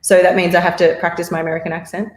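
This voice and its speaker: Australian woman, rambling podcast guest, lowish voice, echoey room. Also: level tone, racing, very noisy. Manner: chatty, rambling, laughs often. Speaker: podcast guest, marketer and actor. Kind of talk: casual interview chat.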